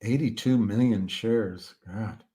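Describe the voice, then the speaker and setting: A warm, lowish male voice talks slowly on a stock-market livestream, reading out viewer comments. He rambles and hesitates with plenty of fillers and restarts, but turns emphatic and indignant on the subject of short sellers.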